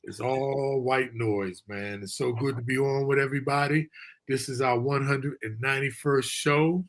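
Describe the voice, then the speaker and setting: A man's voice: mid-range voice, steady tone, moderate pace. A man hosting a casual live-stream talk show from a remote virtual studio, chatty and loose with folksy asides.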